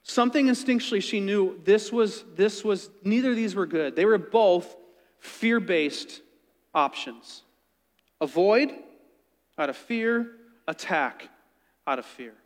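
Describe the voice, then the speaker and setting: A man telling a story in an earnest, conversational sermon, dropping quiet when he quotes others. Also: high-pitched, expressive, slow pace, long reverb tail.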